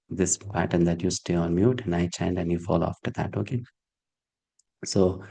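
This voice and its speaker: A man with a low, mellow voice leads an online verse class over a video call. He explains things patiently and keeps asking whether the students understand. His tone stays soft and dark. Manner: patient, checks understanding with frequent "hmm?" and "okay?". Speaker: Sanskrit verse teacher.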